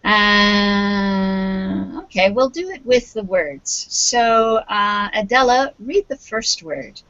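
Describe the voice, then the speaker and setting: A woman's voice: mid-range voice, animated, slow, fairly bright tone. A woman with a Canadian accent, teaching an English lesson over a video call and patiently prompting her students. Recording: dull lo-fi video call audio.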